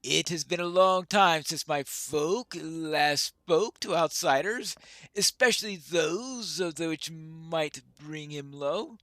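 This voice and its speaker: Man doing a wary dwarf chieftain in a game, solemn, formal, high bright voice, unhurried. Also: no echo. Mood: grave. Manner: solemn, old-fashioned speech. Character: wary male dwarf leader, grave and formal.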